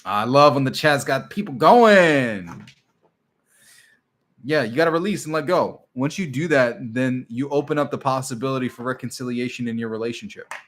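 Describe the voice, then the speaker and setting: A man talks casually on his own live stream, coaching viewers on relationships. His delivery is emphatic and animated, and now and then it sinks into a soft, gentle murmur. His voice sits at an ordinary middle pitch. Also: normal speed. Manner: animated and emphatic, drops to a soft tender tone when acting out a partner.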